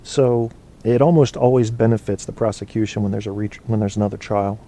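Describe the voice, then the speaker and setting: Mellow-voiced, rambling man hosting an online show. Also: lowish voice, fairly even intonation, fairly quick. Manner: rambling and profane, thinking aloud. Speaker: internet radio host. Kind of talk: casual live chat show, answering chat.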